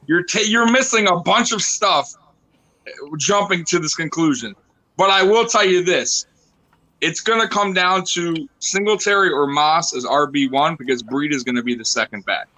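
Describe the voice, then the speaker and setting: A man's voice: a little high, moderate pace, pushed and bright, no echo, low-quality recording. A man who is a former pro football player, guesting on a podcast and arguing his points firmly and emphatically. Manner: emphatic, argumentative, firm. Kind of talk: casual sports debate.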